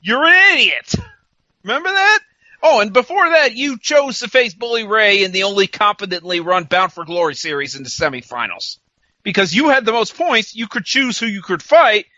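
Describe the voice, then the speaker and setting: A man co-hosting a podcast, recapping a wrestling show in casual chat, sarcastic and quick to mock, laughing often and quoting the wrestlers in mock voices. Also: high-pitched, sing-song, bright, forceful tone, no echo, highs cut off. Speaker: podcast co-host.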